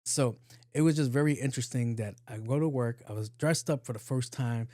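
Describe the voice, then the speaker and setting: Mellow-voiced man telling a story. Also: mid-range voice, fairly quick, no echo, clean studio sound. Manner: animated storytelling, acts out quoted voices. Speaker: podcast host. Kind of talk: casual solo podcast monologue. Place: home studio, on camera.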